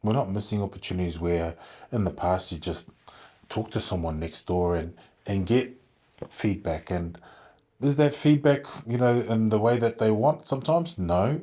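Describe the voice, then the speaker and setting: A man with a low, husky voice, talking as a guest on a podcast interview. He thinks aloud, circling back through fillers and restarts as he explains his work leading a contact centre. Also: animated, moderate pace, mellow. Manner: thoughtful, rambling with many fillers and restarts.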